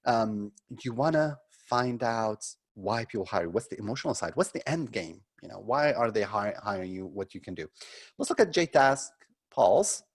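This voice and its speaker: A man's voice: on the low side, lively intonation, normal speed, breathy edge. A middle-aged man leading a live webinar as a marketing consultant, critiquing frankly and conversationally, with many ums and restarts.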